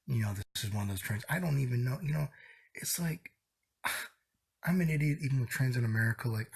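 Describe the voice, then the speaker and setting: A man's voice: medium pitch, husky. A young man vlogging casually, sick and exasperated, rambling profanely about a bad day. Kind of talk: casual vlog rant.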